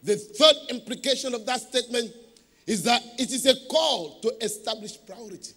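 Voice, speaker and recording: A man's voice: very high-pitched, animated, normal speed, bright, forceful tone, husky, long reverb tail. A man preaching a sermon as pastor, emphatic, leading the congregation in call-and-response.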